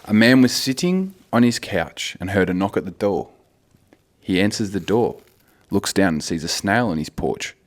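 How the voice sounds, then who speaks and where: A man's voice: on the low side, expressive, normal speed. A young man co-hosting a podcast, teasing and joking in casual chat. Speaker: podcast co-host.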